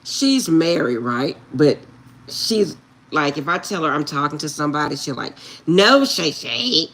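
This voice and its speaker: A woman's voice: low voice, moderate pace. A middle-aged woman telling a funny family story to her viewers, laughing often and insisting she is serious. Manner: animated, laughs often, repeats "I'm serious". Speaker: tarot reader.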